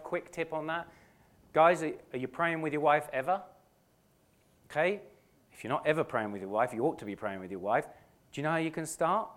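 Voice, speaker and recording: A middle-aged British man preaching a sermon as a pastor in a church, earnest and animated, often restarting his phrases and acting out quotes. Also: mid-range voice. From Britain.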